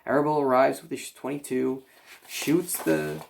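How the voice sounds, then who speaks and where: A man's voice: medium pitch, steady tone, unhurried, creaky. A man reading aloud and voicing a blunt old female sheep who is a gloomy know-it-all.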